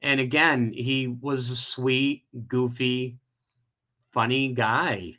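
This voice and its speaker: A man with a bright, tense voice tells a personal story as an interview guest. He rambles emotionally, restarting his sentences often. The audio sounds dull and lo-fi. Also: mid-range voice, steady tone, takes it slowly.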